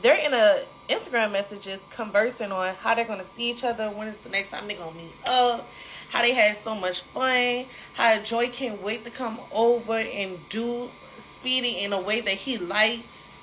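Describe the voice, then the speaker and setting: A young woman spins a dramatic storytime straight to her viewers, talking in a lively, repetitive way with a fairly high voice. A faint hiss sits under the recording. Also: normal speed, poor audio. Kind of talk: casual storytime.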